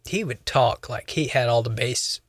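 A man's voice: mid-range voice, moderate pace, no room sound. A young man co-hosting a podcast, talking casually in a rambling way with many fillers and restarts. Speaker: podcast co-host.

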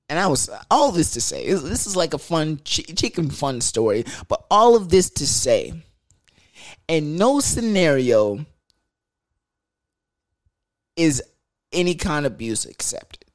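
Animated young man telling a profane story. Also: fairly high pitch, unhurried, long pauses. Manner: animated, loose and profane, acts out quoted voices. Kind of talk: casual storytelling to camera.

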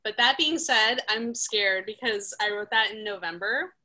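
A woman co-hosting a podcast, chatting casually with giggly, animated banter. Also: medium pitch, moderate pace, rough recording. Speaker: podcast co-host. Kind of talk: casual chat.

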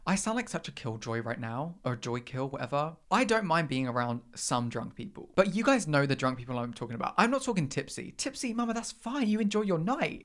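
Sassy dramatic young man. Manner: sassy and dramatic, big pitch swings. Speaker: podcast host. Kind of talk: casual podcast monologue.

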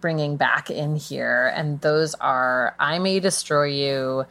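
A woman co-hosting a podcast in casual chat, reacting quickly and steering the talk to the next topic. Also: deep voice, gravelly, a bit bright. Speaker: podcast co-host.

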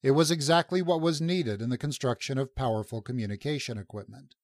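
A man's voice: mid-range voice, a little fast, no room sound. Man narrating an audiobook, dry close sound. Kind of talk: scripted narration.

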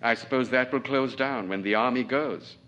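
A man's voice: medium pitch, moderate pace, highs cut off, slight background noise, close to an everyday voice. A man reading aloud and voicing a stern, domineering colonel who talks down to his staff in a clipped, scornful way. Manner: clipped, scornful, sudden sharp outbursts. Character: stern aging male colonel, cutting, domineering.

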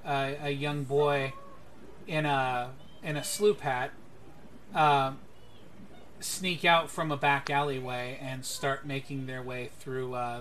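Guy dm-ing a tabletop game, kinda high bright voice, lots of ums, bit of hiss behind. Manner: hesitant, lots of ums and uhs. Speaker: game master.

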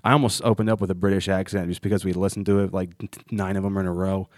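A comedian from Ohio, United States, hosts a casual podcast chat on a studio mic, with clean studio sound and no room echo. His voice is deep, flat, and fast. He rambles, restarting sentences often and stammering.

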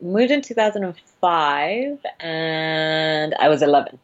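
A woman's voice: low-pitched, unhurried. A woman in her twenties with a British accent, chatting casually and laughing often as a podcast guest. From Britain. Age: 20s. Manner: giggly, chatty. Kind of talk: casual chat. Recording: muffled lo-fi audio.

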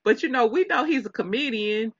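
A woman's voice: a little high, a little fast, slightly rough, no echo, muffled recording. A woman co-hosting a casual gossip chat, rambling and laughing often with many restarts. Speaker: podcast co-host.

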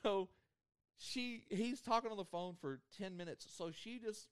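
A man's voice: high voice, a little slow, clean tone, no echo, clean studio sound. A man, telling a rambling story on a podcast with lots of laughter. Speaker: podcast host. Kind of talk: casual storytelling.

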